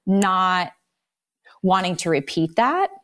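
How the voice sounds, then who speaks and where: A woman's voice: on the low side, lively intonation, slow pace, fairly bright tone. A woman in her thirties hosting a podcast, talking casually and thinking aloud with many fillers. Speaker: podcast host.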